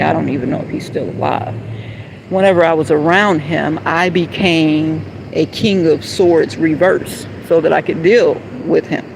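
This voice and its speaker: A woman in an emotional, rambling live-stream monologue, heated and confrontational at times, then soft and apologetic. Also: deep voice, vocal fry, noisy background. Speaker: livestreamer.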